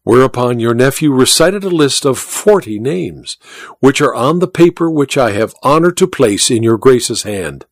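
A cunning court spymaster, read by a man, reporting with measured, obsequious deference. The voice moves lively through the sentences, set in a close, dry recording. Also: medium pitch, dry recording. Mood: deferential. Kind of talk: audiobook reading.

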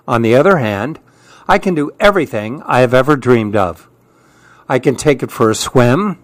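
A man reading children's stories aloud in a slow, gentle, expressive way. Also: mid-range voice, dry recording. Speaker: storyteller. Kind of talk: children's story read-aloud.

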